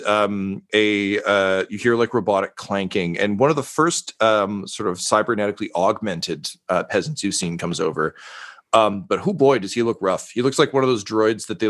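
A man's voice: lowish voice, moderate pace, a bit bright. A man narrating a tabletop game as game master, rambling with many fillers.

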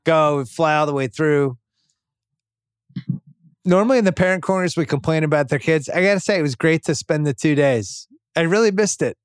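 A man in his fifties hosting a podcast, telling relaxed, rambling anecdotes in casual chat. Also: fairly high pitch, moderate pace, clear, resonant tone, no room sound, studio quality. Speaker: podcast host.

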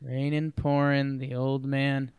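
A man's voice: mid-range voice, little pitch movement, slow, darkish tone, smooth, no room sound. A man co-hosting a casual sports podcast, making dry, wry quips. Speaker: podcast co-host.

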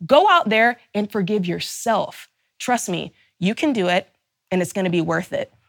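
A woman's voice: medium pitch, animated, normal speed, gravelly, no echo, studio quality. A woman host giving a fervent, emphatic motivational talk, stacking rhetorical questions and openly angry on her listeners' behalf. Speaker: personal finance show host.

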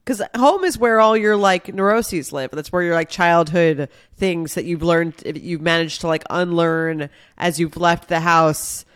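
A woman's voice: lowish voice, measured pace, hardly any pauses, clean tone, no room sound, studio quality. A woman co-hosting a podcast remotely, chatting wryly and laughing often. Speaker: podcast co-host. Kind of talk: casual chat. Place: apartment. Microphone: remote recording.

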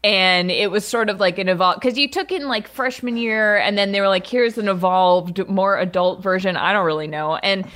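A young adult woman co-hosting a sports podcast, telling a story in lively casual chat and acting out the voices of people in it. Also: mid-range voice, moderate pace, few pauses. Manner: animated storyteller, acts out quoted voices. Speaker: podcast co-host.

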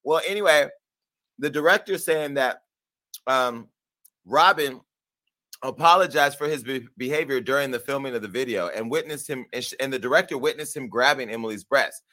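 Gossip host, man, bright forceful voice, sassy and profane, dry close sound. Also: medium pitch, moderate pace, dry recording. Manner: sassy, profane, animated, laughs at himself. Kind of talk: brash gossip commentary.

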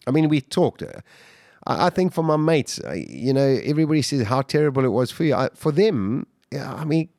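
A man telling his survival story as a podcast guest, intense and halting, with many restarts. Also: medium pitch, animated, a little mellow, no room sound, clean studio sound. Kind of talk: emotional storytelling interview.

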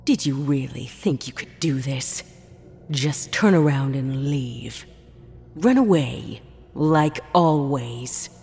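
Woman doing a disembodied mocking voice, very deep, very slow, husky, derisive, storybook taunt. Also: darkish tone, in a large hall, soft background music, full character voice. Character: scornful, mocking disembodied voice in the woods.

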